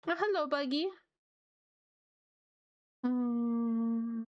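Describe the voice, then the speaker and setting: Upbeat woman streamer chatting w her chat, smooth clear voice, goes squeaky high when excited, bit of a cough, dry close mic. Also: very slow, dry recording, lo-fi sound. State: slight cough, sore throat coming on. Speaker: art streamer. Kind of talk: casual chat with live chat viewers.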